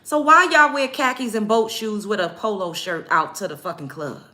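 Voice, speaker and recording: Blunt, profane woman with a bright voice. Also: a little high, expressive, normal speed. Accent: African American English. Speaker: vlogger. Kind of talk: get-ready-with-me rant to camera.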